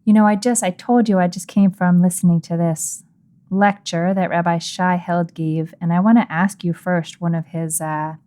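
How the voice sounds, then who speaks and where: A woman's voice: fairly low pitch, steady tone, normal speed, warm tone. A woman co-hosting a podcast, reading scripture aloud and then discussing it in a thoughtful, searching way with frequent restarts. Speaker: podcast co-host.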